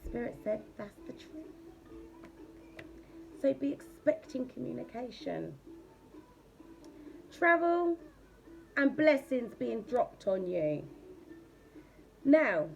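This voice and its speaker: A woman's voice: fairly high pitch, very animated, takes it slowly, gravelly, pauses often, darkish tone, soft background music. A woman giving a casual tarot reading. She talks bluntly and chattily, and she swears freely. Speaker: tarot reader.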